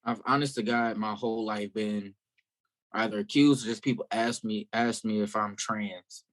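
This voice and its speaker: A man from South Carolina, a guest musician in a casual interview, telling stories in a candid, animated way. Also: fairly low pitch, moderate pace.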